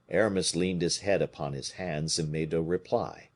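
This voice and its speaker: A man reading a classic novel aloud as an audiobook narrator, in a lively, expressive way. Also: low voice, normal speed, hardly any pauses. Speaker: audiobook reader.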